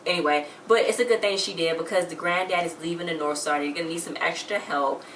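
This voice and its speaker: A woman's voice: on the low side, fairly even intonation, fast talker, a bit bright, reverberant, recorded from a distance, slight background noise, low-quality recording. A woman chatting casually as she recaps a TV episode, retelling scenes with quoted lines.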